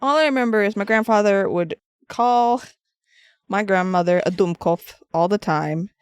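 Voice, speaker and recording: This craft streamer speaks in a mid-range, clean-toned voice at a normal pace, recorded dry with clean studio sound. She chats loosely with viewers while sculpting and painting, wandering through her answers and frequently starting over.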